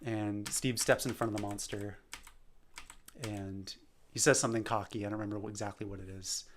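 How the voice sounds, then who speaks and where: A man's voice: on the low side, steady tone, a little fast, a little hiss or hum. Man casually rambling through a storyboard. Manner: rambling, self-deprecating. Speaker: animator.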